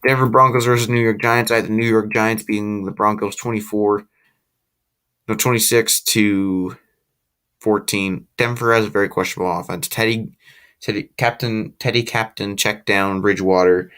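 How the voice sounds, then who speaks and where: A man's voice: fairly low pitch, level tone, moderate pace, fairly bright tone, smooth. Sleepy, rambling young man. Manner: casual, rambling, with restarts and opinionated asides. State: sleepy, yawning. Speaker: livestream host. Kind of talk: live sports chat with viewers.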